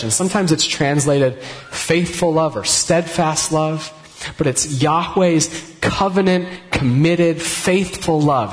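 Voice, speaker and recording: A man teaching a Bible story in a casual, animated way, voicing the characters' words as he goes. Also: on the high side.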